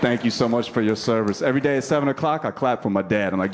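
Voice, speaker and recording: Talking fast with few pauses in a mid-range voice, a man in his thirties does brash, profane crowd work during his stand-up. The club audience laughs throughout this live recording.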